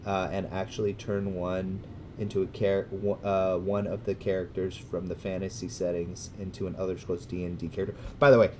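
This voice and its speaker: Rambling Californian man streaming, low-voiced. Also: little pitch movement, normal speed, a little hiss or hum. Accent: American, Californian. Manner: rambling and hesitant, many restarts, bursts of loud cheerful greetings. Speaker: gaming livestreamer. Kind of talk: casual livestream chat with viewers.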